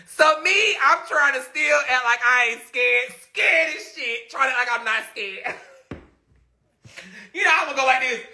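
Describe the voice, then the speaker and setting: A man telling a story casually on a live stream, animated and laughing often as he talks to viewers. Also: extremely high pitch, measured pace, vocal fry.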